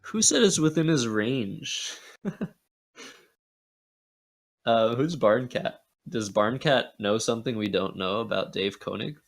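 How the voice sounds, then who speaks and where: A man's voice: medium pitch, animated, slow pace, creaky, pauses often. A man giving live commentary on a board game match, joking and sarcastic. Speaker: Scrabble commentator.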